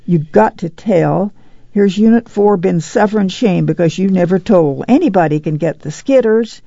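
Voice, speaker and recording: A stern, proud woman who runs the migrant camp scolds in a commanding drawl, as an audiobook reader puts her on. Her voice sounds gravelly and dark in a dry, dull lo-fi recording. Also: medium pitch, normal speed, no room sound.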